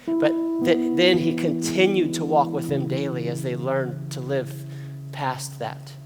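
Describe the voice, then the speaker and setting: A man's voice: medium pitch, steady tone, measured pace. Preacher guy talking earnest and casual, lingering echo, guitar in the background. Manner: earnest, conversational preaching with rising emphasis. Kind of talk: sermon. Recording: long reverb, guitar music behind. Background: soft guitar music.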